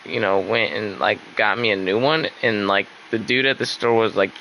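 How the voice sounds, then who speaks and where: A man's voice: on the low side, normal speed, gravelly, hardly any pauses, pushed and bright, highs cut off, a little hiss or hum. A young man venting casually in a rambling, upset way, with lots of fillers and swearing. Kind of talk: casual venting while gaming.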